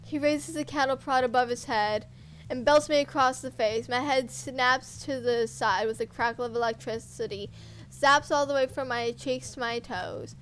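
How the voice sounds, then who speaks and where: A woman's voice: high-pitched, steady tone, normal speed, fairly bright tone, a little hiss or hum, poor audio. A woman streamer reading a horror visual novel aloud in first person, intense and dramatic, with offhand asides.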